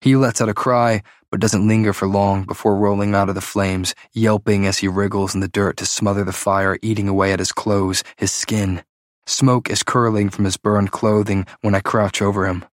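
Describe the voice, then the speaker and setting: A male narrator reads a first-person story with tense, dramatic storytelling. His voice sits on the low side, recorded dry and close with no room sound. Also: level tone, moderate pace, dry recording. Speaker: audiobook narrator.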